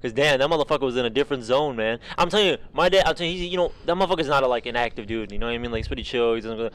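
A man's voice: mid-range voice, very fast, smooth. A young man co-hosting a podcast, telling rambling, profane stories in casual chat and acting out the people he quotes. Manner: rambling, profane storytelling with animated quoted voices. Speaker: podcast co-host.

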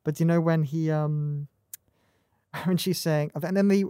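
Halting co-host in casual podcast chat. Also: medium pitch, fairly even intonation, dark tone, smooth, dry recording, clean studio sound. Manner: halting, restarts often, laughs along.

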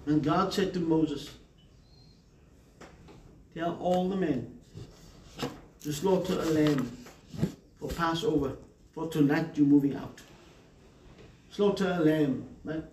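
A man's voice: a little high, slow pace, long pauses, a little mellow, slight background noise. A man preaching a sermon emphatically, calling on the congregation for amens. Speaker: pastor. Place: church hall. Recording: echoey hall from far off.

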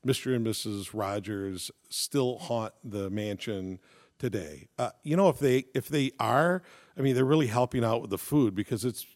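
A man's voice: medium pitch, normal speed, a little mellow. A man, co-hosting a casual chat and telling a story with jokes along the way. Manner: chatty, joking storyteller. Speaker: podcast co-host.

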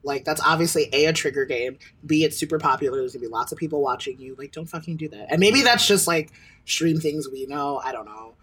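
A man's voice: fairly high pitch, quick pace, pushed and bright, slightly rough. A man co-hosting a podcast in casual chat, talking bluntly and heatedly and swearing freely. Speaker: podcast co-host.

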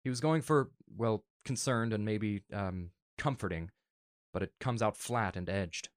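A man earnestly reading a fan story aloud in a soft, emotional way. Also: lowish voice, unhurried, no echo, clean studio sound. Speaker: narrator.

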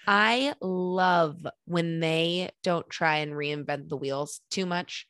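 Woman, slightly low, dry close mic, laughing podcast co-host. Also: a bit bright, dry recording. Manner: chatty, laughing, quick asides. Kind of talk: casual chat.

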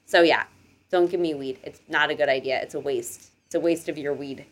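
A woman's voice: low voice, steady tone, fairly quick. A woman co-hosting a podcast, telling stories in casual chat and laughing often. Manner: chatty storytelling, laughs often. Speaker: podcast co-host.

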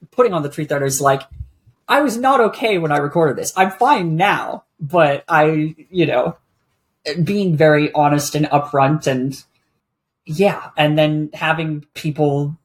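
A podcast guest who talks reflectively in a casual conversation and often pauses to find words. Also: medium pitch.

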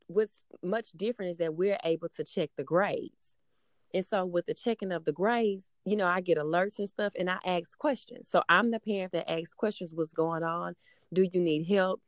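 A woman's voice: fairly low pitch, normal speed, a bit bright, dry recording, studio quality. A woman in her thirties, a mother, talking casually and rambling with many fillers. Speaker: mother of a middle-school daughter. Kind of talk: casual conversation.

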